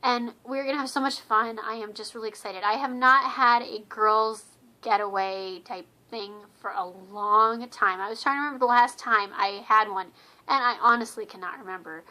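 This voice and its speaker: A woman chats casually to her camera about her books, her voice sitting a little high. The tone is bright and forward. She rambles with lots of fillers and restarts, gushing with enthusiasm. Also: fairly even intonation, moderate pace. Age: adult with children. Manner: enthusiastic, repeats words for emphasis. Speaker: book vlogger. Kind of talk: casual vlog chat.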